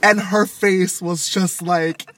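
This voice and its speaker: A young man telling stories in casual chat, animated, with loud acted quotes. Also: high voice, normal speed, heavy background noise. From Vietnamese family background.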